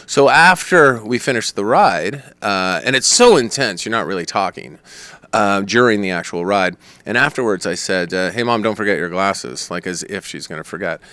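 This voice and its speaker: A low-pitched man tells a long story as a podcast guest. He rambles and acts out what others said, and the recording is dry and close. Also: moderate pace, clean tone, dry recording. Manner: rambling, animated storyteller who quotes others. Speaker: comedian guest.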